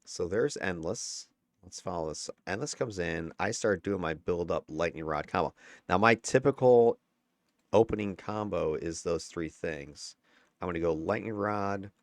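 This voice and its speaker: A man with a very low, deep voice talks through recorded gameplay in a casual, candid way. He chuckles now and then and swears lightly, and the sound is dry and close, with no room echo. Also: a little slow. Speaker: gameplay commentator. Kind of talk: casual gameplay breakdown commentary.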